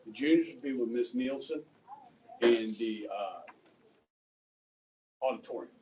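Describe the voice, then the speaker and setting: A middle-aged male high school history teacher telling a story to his class, checking in with "okay?" and acting out the people in it. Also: unhurried. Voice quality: conversational, acts out quoted voices, asks "okay?" often. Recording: distant mic in a classroom, faint room noise.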